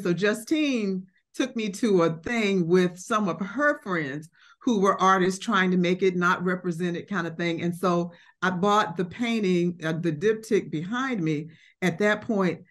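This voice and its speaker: A woman's voice: fairly low pitch, measured pace. A middle-aged woman, an art collector, telling a reflective story in conversation, with fillers and acted quotes.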